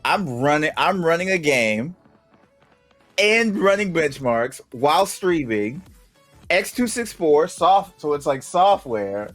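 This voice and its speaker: A man's voice: slow, faint music behind. A man co-hosting a casual tech chat, telling stories with lots of laughter. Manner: animated storytelling, acts out his own reactions in high squeaky voices; laughs a lot. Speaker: podcast co-host.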